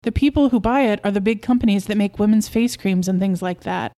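An excitable middle-aged beekeeper husband, proud of himself and pushing his point, as a woman reads him aloud. The voice sits mellow and soft-edged, rising eagerly when he gets carried away. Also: mid-range voice, a little fast, close to an everyday voice. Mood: excited. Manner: coaxing, excitable, insistent.

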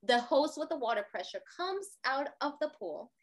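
A woman with a high voice telling a personal story as an interview guest. She is expressive and animated. She keeps checking in with her listener with a quick "right?" and slips into the voices of the people she quotes. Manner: expressive, tags sentences with "right?".

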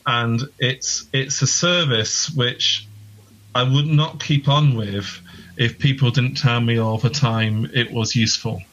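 A man's voice: medium pitch, steady tone, takes it slowly, a bit bright, muffled recording, slight background noise. A man, a podcast guest chatting casually with dry, self-deprecating humour. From England. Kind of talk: casual interview chat.

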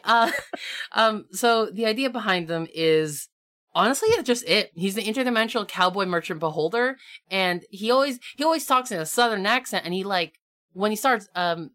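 A woman's voice: mid-range voice, a bit bright. A young adult woman, a game master, chatting casually on a tabletop gaming podcast in a bubbly, rambling way. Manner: bubbly, rambling, lots of filler and laughter.

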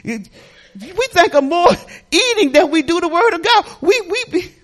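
A middle-aged woman pastor preaching a sermon in a lively, folksy way, laughing and talking back to the congregation. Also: extremely high pitch, moderate pace.

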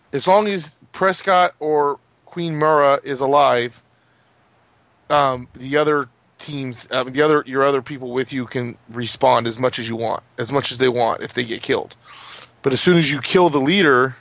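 A man's voice: mid-range voice, steady tone, a little slow, creaky, pauses often, fairly bright tone, no room sound. A man chatting casually about video games, rambling with many fillers and restarts. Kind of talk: casual gaming chat.

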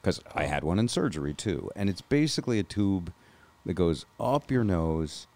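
A man's voice: low voice, lively intonation, moderate pace, darkish tone. A man hosting a podcast from a hospital-type bed, telling a rambling, self-deprecating story and acting out the lines of the people in it. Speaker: podcast host. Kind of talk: casual storytelling chat. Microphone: unfamiliar microphone.

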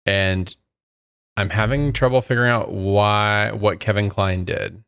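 Low, smooth man in a dry close recording. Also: steady tone, a little slow, fairly bright tone, no echo. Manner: stammering restarts, thinking aloud. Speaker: podcast co-host. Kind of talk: casual movie discussion.

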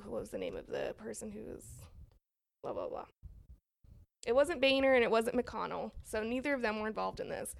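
A woman's voice: medium pitch, creaky. A woman co-hosting a casual political chat podcast, rambling with many fillers and frequent laughs. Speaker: podcast co-host.

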